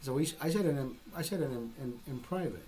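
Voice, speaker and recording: A man's voice: medium pitch, animated, brisk, mellow, rough recording. A man telling a story in a casual, profane rant, emphatic and retelling exchanges as dialogue. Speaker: vlogger.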